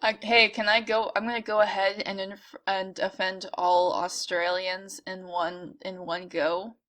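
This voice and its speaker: A woman's voice: medium pitch, flat delivery, unhurried, fairly bright tone. A woman playing in a tabletop game, chatty and playful, teasing herself as she talks. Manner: playful, chatty, self-mocking. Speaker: player. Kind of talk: tabletop game play, casual chat.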